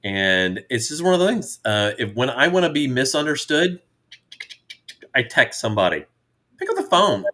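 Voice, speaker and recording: Jovial middle-aged man, bright voice. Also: mid-range voice, sing-song, moderate pace. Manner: jovial storyteller, rambling with restarts. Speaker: podcast co-host, father. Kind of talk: casual chat.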